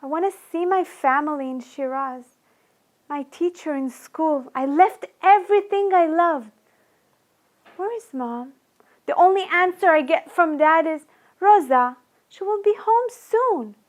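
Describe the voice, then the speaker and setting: A woman tells her life story as a dramatic monologue in a high voice. She speaks slowly and haltingly, voicing the fears of her younger self. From Iran. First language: Persian. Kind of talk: dramatic first-person monologue.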